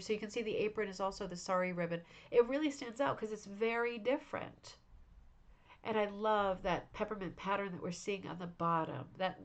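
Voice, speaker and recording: Tired woman host, mid-pitched, gushing over crafts in easy chat at home. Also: vocal fry. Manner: warm, effusive praise with frequent fillers. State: tired, yawning. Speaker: host of a rug hooking club show. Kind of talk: casual livestream chat reviewing viewers' crafts.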